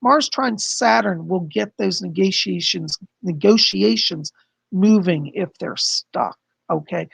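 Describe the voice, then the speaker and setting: Male psychic host, hoarse, very gravelly and husky, chatty livestream explainer. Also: high voice, slow pace, a bit bright, no echo. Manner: chatty, explains with frequent "okay?" and "you know". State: hoarse, losing his voice. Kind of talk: casual livestream astrology forecast.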